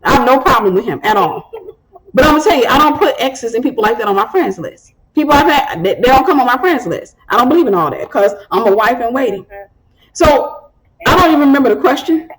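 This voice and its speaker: A woman's voice: sits high, fast talker, rough recording. A woman in her thirties, hosting and giving preaching-style advice, telling stories and acting out the voices she quotes. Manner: animated storytelling, acts out quoted voices. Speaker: host and ministry speaker.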